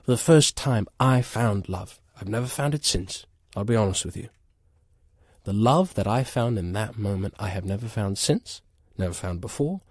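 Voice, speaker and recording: A man's voice: on the low side, a little mellow, breathy edge, no room sound, studio quality. A man guest on a comedy podcast, telling an absurd story in an earnest, mock-dramatic way. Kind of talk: deadpan comic storytelling.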